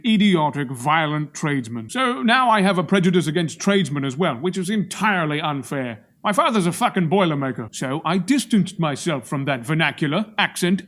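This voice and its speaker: A man from Australia talking to camera in a verbose, pontificating, projected manner with wry humor. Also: a little high. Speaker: vlogger. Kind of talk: monologue to camera.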